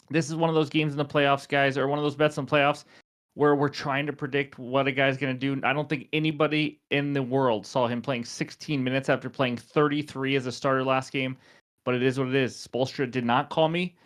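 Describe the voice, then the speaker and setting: A man's voice: fairly high pitch, fairly bright tone. A young man hosting a sports betting picks show, chatty and self-deprecating with frequent fillers.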